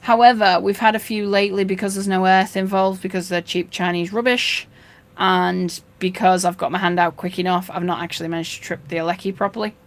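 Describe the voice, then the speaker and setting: A woman's voice: mid-range voice, fairly even intonation, a little fast. Woman host, casual chat, rambling and anecdotal, dry humour. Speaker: fishkeeping channel host.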